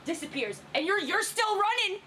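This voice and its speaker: A young woman, reacting to fan memes in giggly, rambling, animated commentary. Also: very high-pitched, normal speed, slight background noise. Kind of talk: excited casual commentary.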